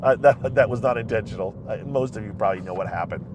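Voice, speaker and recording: A man's voice: lowish voice, quick pace, a little mellow, a little hiss or hum. Chatty man rambling in his car. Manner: chatty, rambling, many restarts and fillers. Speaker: recap vlogger. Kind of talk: casual rambling recap. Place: inside a car.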